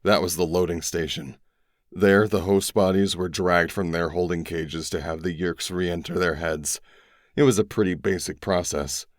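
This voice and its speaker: Deep-voiced man narrating an audiobook. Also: fairly even intonation, no echo, clean studio sound. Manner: grave, measured storytelling. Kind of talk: first-person scripted narration.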